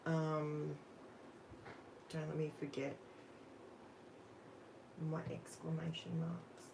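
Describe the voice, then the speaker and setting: A woman's voice: low voice, monotone, very slow, gravelly, background noise. An Australian woman hosting a live crafting stream, chatting casually with her viewers while she works. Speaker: crafting livestream host.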